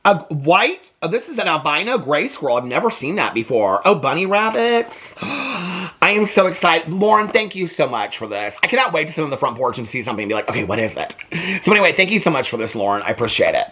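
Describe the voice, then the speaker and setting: A man from Indiana casually vlogging as he unboxes mail, gushing with excitement and breaking into asides while reading aloud. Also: breathy edge. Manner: gushing and excitable, voice jumps high when delighted; reads aloud haltingly with asides.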